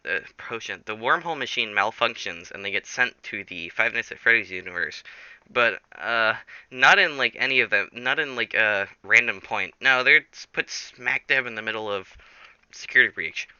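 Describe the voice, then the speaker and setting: Guy rambling thru a silly story, bright crisp voice, dry lo-fi sound. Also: medium pitch, dry recording. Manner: rambling, lots of fillers and restarts. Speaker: storyteller, channel host.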